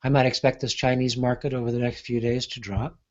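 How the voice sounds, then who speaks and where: A man giving an unscripted software demonstration, thinking aloud with frequent pauses and fillers. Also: medium pitch, little pitch movement, muffled recording. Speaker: market analyst demonstrating software. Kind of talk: unscripted screen-share demo.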